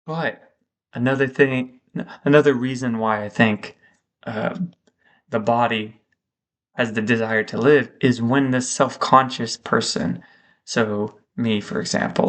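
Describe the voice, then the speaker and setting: A man thinking aloud in a reflective vlog monologue, slow and halting, with frequent pauses. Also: mid-range voice. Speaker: vlogger.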